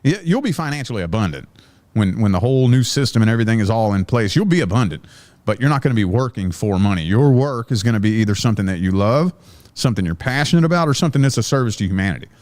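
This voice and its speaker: A man who is a guest on a casual podcast, giving blunt, profane advice in a relaxed way. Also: on the low side, quick pace. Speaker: tarot reader, podcast guest.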